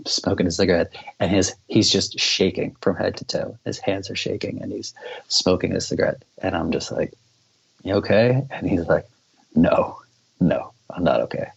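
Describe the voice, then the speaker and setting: A man with a very low, gravelly voice and a husky edge tells a story as a podcast guest. He rambles loosely, leans on filler words and swears freely. The recording sounds dull and lo-fi. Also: steady tone, moderate pace. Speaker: podcast guest, band member. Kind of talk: casual storytelling.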